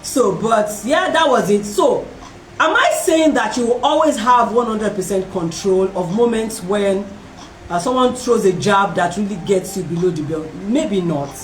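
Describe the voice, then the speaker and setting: A woman hosting a talk, telling a personal story in a lively way and acting out the voices of other people. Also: mid-range voice, normal speed, a little hiss or hum. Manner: animated, acts out voices in her story, laughs often. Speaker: host. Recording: roomy and distant from the mic.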